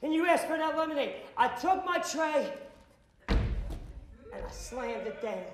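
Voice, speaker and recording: A man speaking as a motivational speaker to students, telling a story with lots of energy. He acts out the dialogue and now and then bursts into shouts. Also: very high-pitched, lively intonation, slow pace, echoey room, noisy background. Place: school auditorium.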